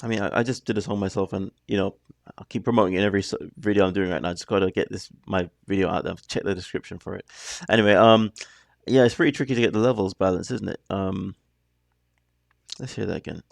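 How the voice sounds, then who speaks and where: Male reaction host, low and gravelly, dry close sound, loose rambling commentary. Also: fairly even intonation, fast talker, dry recording. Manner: chatty, rambling, self-interrupting.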